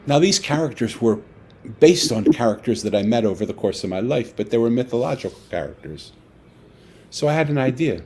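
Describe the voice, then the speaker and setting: A man, an author, telling a personal story in a lively way and acting out the dialogue, over a video call. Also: medium pitch, brisk, slight background noise. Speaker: author guest. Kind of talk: storytelling talk.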